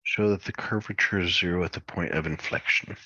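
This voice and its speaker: Deep raspy guy muttering thru math problems out loud, dull lo-fi mic. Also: fairly even intonation, no room sound. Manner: thinking aloud, halting and muttered. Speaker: math instructor. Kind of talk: working through homework solutions.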